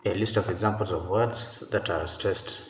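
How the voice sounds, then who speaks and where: A man's voice: deep voice, fairly even intonation, moderate pace. A man teaching an online English pronunciation lesson, explaining patiently and repeating himself, with many "uh" fillers. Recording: echoey room, dull lo-fi sound, faint noise.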